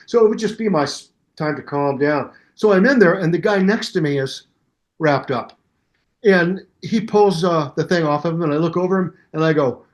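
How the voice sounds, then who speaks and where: A man in his seventies, a musician guest in an interview, telling anecdotes in a hyper, animated way and acting out the voices of people in his stories. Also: on the high side, normal speed. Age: 70s. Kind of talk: storytelling interview.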